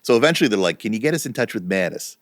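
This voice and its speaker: A middle-aged man co-hosting a casual podcast, telling stories with lively energy and free swearing. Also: fairly low pitch, rapid-fire, dry recording, clean studio sound. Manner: animated storytelling, swearing freely. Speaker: podcast co-host. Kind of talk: casual chat.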